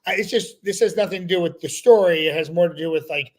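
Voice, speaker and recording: A man's voice: fairly high pitch, fast talker. A man hosting a podcast, chatting enthusiastically over a remote call. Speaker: podcast host. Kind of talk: casual chat.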